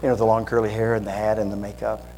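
A man's voice: fairly low pitch, flat delivery, fast talker, darkish tone, low-quality recording. A man preaching as a guest pastor, candid and self-deprecating, with conversational asides. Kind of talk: sermon.

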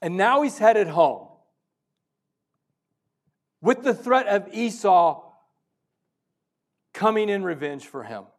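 High-voiced pastor preaching with swings. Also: male voice, very animated, slow, long pauses. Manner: swings from loud and urgent to hushed and intimate. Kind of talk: sermon.

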